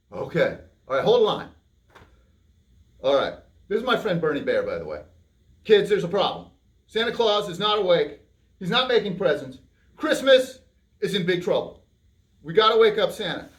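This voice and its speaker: A high, bright man's voice that leaps all over the place as he reads to kids. He plays it up big, bantering with a puppet and the children, joking and teasing as he goes. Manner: playful, hammy, talks to a puppet and the kids. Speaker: library storyteller. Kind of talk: reading a picture book aloud to children.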